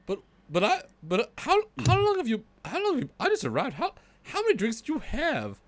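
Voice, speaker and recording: A man's voice: very high voice, wildly swooping pitch, brisk. A tipsy Canadian man co-hosting a livestream, stammering and joking in a playful way. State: drunk. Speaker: co-host. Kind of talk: drunken livestream banter.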